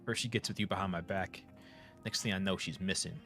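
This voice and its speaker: A man's voice: low voice, fairly even intonation, a little fast, sharp tone, faint music behind. A man voicing an aggressive, jealous teenage boy in a video game, blunt and swearing. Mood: furious.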